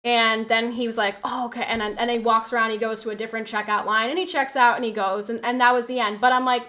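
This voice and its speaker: A woman's voice: on the high side, level tone, quick pace, hardly any pauses, bright, forceful tone. A woman streaming from home, chatting casually and telling stories in a rambling way, with lots of fillers and the odd swear word. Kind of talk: casual livestream chat.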